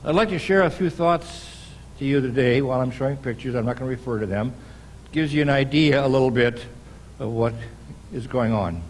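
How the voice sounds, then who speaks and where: An older American man preaching a sermon in a church, telling a story at an unhurried pace with pauses and restarts. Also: mid-range voice, a little hiss or hum. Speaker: pastor.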